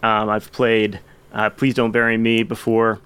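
A man's voice: fairly low pitch, completely flat delivery, a little slow, a bit bright, clean tone. A man hosting a podcast, chatting enthusiastically about songs with some rambling restarts. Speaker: podcast host. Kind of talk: casual chat about music.

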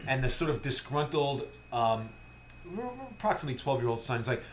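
A man's voice: mid-range voice, a little fast, a little hiss or hum. Chatty man retelling film scenes. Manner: animated retelling with quoted voices. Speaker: podcast co-host. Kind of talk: casual film discussion.

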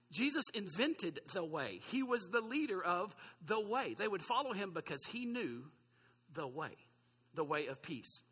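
Bright, husky-voiced male pastor preaching. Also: high-pitched, in a large hall. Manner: conversational, self-deprecating preaching with asides to the congregation. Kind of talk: sermon.

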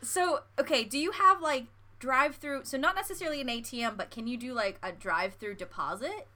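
An American woman in casual chat, giggly and lively, acting out little scenes as she tells them. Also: sits high, fairly quick. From United States. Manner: bubbly, giggly, acts out little scenes in voices.

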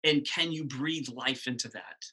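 A middle-aged male pastor preaching an Easter sermon, conversational and animated, often asking the congregation questions. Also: mid-range voice, measured pace, slightly rough, rough recording.

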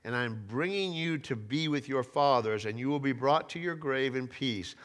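A man's voice: mid-range voice, moderate pace, fairly bright tone. A middle-aged man preaching a sermon, talking conversationally and rising to emphatic peaks, with frequent restarts. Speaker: pastor.

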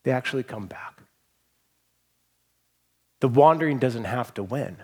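A man delivers a heartfelt sermon from the pulpit. His voice sits at an ordinary middle pitch, and he talks earnestly, restarting phrases and letting his endings fall away quietly. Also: animated, measured pace, husky. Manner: earnest, emotional, with frequent restarts and soft trailing endings. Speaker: pastor.

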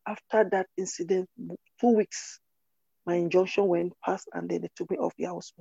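Husky woman, gravelly and dark. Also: fairly low pitch, fairly even intonation, dry recording, highs cut off. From Cameroon. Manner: earnest, halting, with many restarts. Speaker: interview guest. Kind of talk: personal testimony in conversation.

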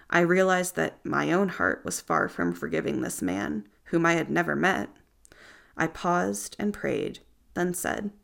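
A woman's voice: on the low side, big pitch swings, unhurried, creaky. A woman narrating a nonfiction audiobook in the first person, earnest and reflective.

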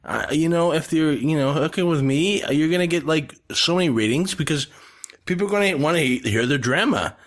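A man's voice: fairly high pitch, fairly quick. A man guesting on a casual podcast, boastful and teasing. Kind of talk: casual live-stream chat.

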